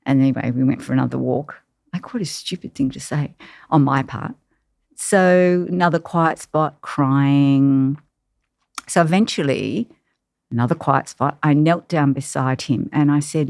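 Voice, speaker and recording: A woman, a carer, telling her personal story in an interview, reflective and halting with many pauses. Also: a bass voice, creaky, darkish tone, no room sound, clean studio sound.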